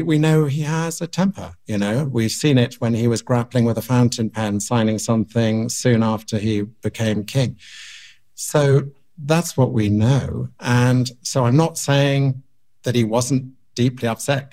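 A man, answering interview questions in a measured, thoughtful way with small restarts. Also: medium pitch, a little mellow. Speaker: interview guest, author.

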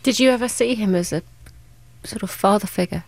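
A woman interviewer asking gentle, encouraging questions. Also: mid-range voice, fairly quick, gravelly.

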